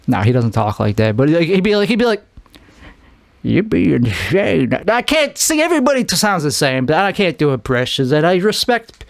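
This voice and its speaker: A man's voice: fairly high pitch, sing-song, fast talker, dry recording. A man from Chicago with a Chicago accent, rambling through a solo podcast monologue, often restarting and trailing off. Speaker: podcast host.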